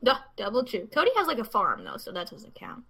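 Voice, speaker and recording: A woman's voice: fairly high pitch, wildly swooping pitch, brisk, sharp tone, husky. A woman co-hosting a casual podcast who makes short, dry, teasing remarks. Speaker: podcast co-host. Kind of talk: casual chat.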